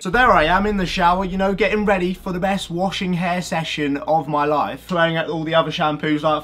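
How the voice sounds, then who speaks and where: Brief: young male YouTuber, brash comic delivery, slightly high pitch. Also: brisk, soft background music. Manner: energetic, jokey, swears freely, acts out bits. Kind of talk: comedic vlog monologue.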